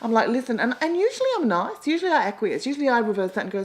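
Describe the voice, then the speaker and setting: A middle-aged Australian woman doing a rambling, self-mocking comic monologue, with sudden loud, sweary outbursts. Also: a little high, very animated, rapid-fire, few pauses, a little hiss or hum, poor audio. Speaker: comedian and columnist.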